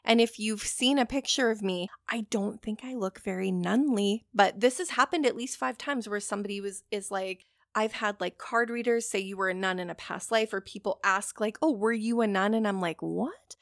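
A woman's voice: mid-range voice, moderate pace, dry recording, clean studio sound. A woman in her forties, hosting a casual solo podcast and rambling candidly with plenty of swearing. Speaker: podcast host.

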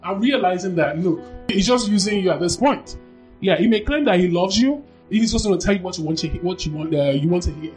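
A woman shares her story as a podcast guest, talking with lively emphasis and doubling back on her words. Her voice lifts sharply when she acts out what she once said. Faint music sits low underneath. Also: a little fast. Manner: animated, emphatic, acts out quoted dialogue, repeats phrases. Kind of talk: candid personal storytelling.

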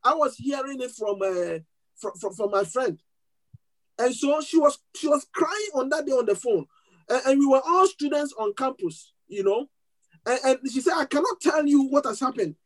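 A man preaching to a congregation. He tells a story in an animated way, often restarting his words and laughing as he goes. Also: extremely high pitch, moderate pace, low-quality recording. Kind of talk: sermon storytelling.

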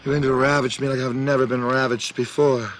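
A man playing a brassy, campy woman stranded in the desert, with a gravelly, theatrical, melodramatic delivery. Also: mid-range voice, little pitch movement, fairly bright tone, slight background noise, natural voice. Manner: melodramatic, drawn-out swooning delivery.

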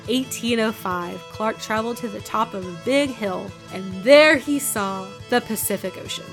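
Woman host, playful comedic history storyteller, slightly high pitch. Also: moderate pace, soft background music. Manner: playful, jokey. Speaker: podcast host.

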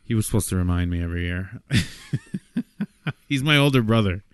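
Rambling, swearing podcast host. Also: male voice, fairly low pitch, lively intonation, moderate pace, smooth, no echo. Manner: rambling, swears freely, laughs often. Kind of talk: casual podcast banter.

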